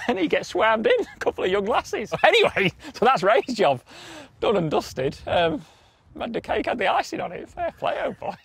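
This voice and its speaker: A man's voice: very high-pitched, big pitch swings, moderate pace, creaky, a bit bright, breathy edge. A middle-aged man, telling stories to camera in a blunt, casual way, swearing and laughing as he goes. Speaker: documentary presenter.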